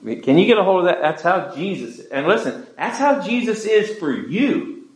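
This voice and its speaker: Emphatic preacher in an echoey church. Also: male voice, sits high, very animated, moderate pace. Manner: emphatic, call-and-response. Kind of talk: sermon.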